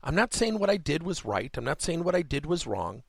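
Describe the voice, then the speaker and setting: A man's voice: on the high side, sing-song, fairly quick, gravelly, no echo. A man hosting a workplace coaching podcast, telling a story with rhetorical questions.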